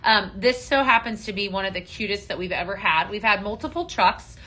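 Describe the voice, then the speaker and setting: A woman's voice: mid-range voice, animated, fairly quick, bright, forceful tone. A woman hosting a casual live-stream shopping show, chatty and upbeat, with many ums, calling viewers her friends.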